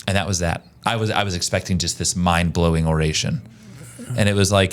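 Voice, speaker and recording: A man hosting a casual podcast chat, energetic and conversational, often restarting his sentences. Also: deep voice, a little fast. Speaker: podcast host, agency owner.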